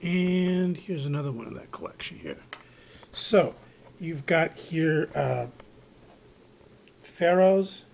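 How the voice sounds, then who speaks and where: A man's voice: on the high side, lively intonation, slow, gravelly, pauses often, a little mellow. A man chatting loosely through a show-and-tell of his collectibles, rambling and restarting with plenty of fillers. He is recorded indoors on a handheld camera mic, with a faint hiss of noise behind him. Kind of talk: casual show-and-tell narration. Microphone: handheld camera microphone.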